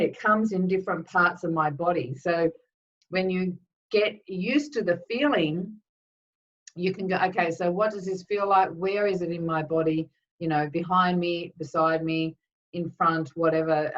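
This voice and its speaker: A woman giving a spiritual talk, telling a rambling, chatty story full of asides. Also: fairly low pitch. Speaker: spiritual teacher. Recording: dull, distant recording.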